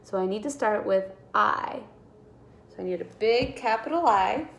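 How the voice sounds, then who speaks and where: A woman teaching a kindergarten writing lesson, sounding out letters slowly and encouraging young children. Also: mid-range voice, expressive, creaky, darkish tone, echoey room.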